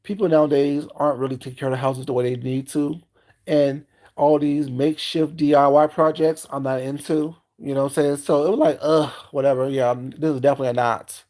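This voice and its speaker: Animated man telling a story. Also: fairly high pitch, brisk. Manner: animated and expressive, acting out both sides of scenes; frank and salty, peppered with "you know what I'm saying". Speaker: food and lifestyle vlogger. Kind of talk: casual storytelling rant.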